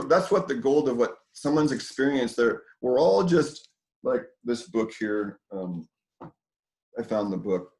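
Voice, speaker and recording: A man's voice: medium pitch, a little mellow, rough recording. A man hosting a community dinner talk, rambling loosely to a small group indoors with lots of fillers and casual swearing.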